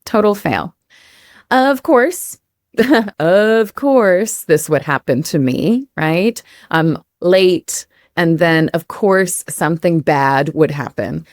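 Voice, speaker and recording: An American woman co-hosting a casual English lesson with a slightly low voice. She talks in a lively way, laughs easily and repeats phrases to drive them home. The recording is dry and close. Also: takes it slowly, dry recording. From United States. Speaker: English teacher co-host. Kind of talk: casual teaching chat.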